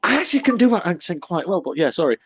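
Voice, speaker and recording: Blunt, lively British man chatting. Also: high voice, rapid-fire, vocal fry, slightly rough. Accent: British English. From Britain. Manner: blunt, rambling, animated, with British slang. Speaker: podcast co-host. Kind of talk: casual online podcast chat. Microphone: online call.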